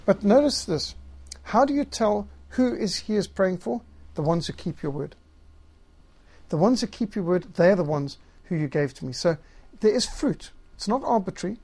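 A man's voice: high-pitched, lively intonation, moderate pace, darkish tone, slightly rough. A man teaching systematic theology, reading scripture passages aloud and stressing key words. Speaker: Bible teacher.

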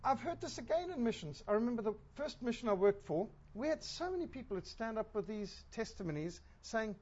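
A woman's voice: a little high, sing-song, a little fast, few pauses, a little mellow, muffled recording. A woman preaching a sermon in an emphatic way, asking rhetorical questions.

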